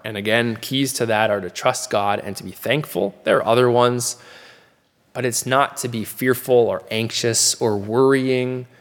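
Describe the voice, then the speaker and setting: A man preaching a sermon in an earnest, conversational teaching manner, slowing down to repeat key questions. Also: mid-range voice, big-room sound.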